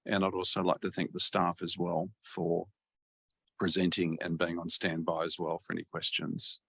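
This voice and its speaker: A deep-voiced man chairs a council webinar. His voice has a gravelly fry, and he speaks in a measured, hesitant way with plenty of fillers. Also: monotone, fairly bright tone. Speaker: meeting chair.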